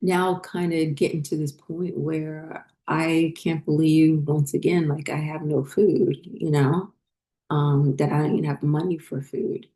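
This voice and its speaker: A spiritual vlogger, she shares a personal story in a meandering, hesitant way, stumbling through fillers and false starts. Her voice is low and mellow, with very little rise or fall in pitch.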